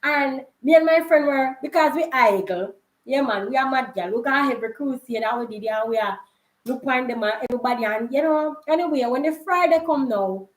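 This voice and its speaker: A young Jamaican woman telling a story in a casual vlog, chatty and quick to laugh, slipping into patois. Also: high voice. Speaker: vlogger. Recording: roomy echo.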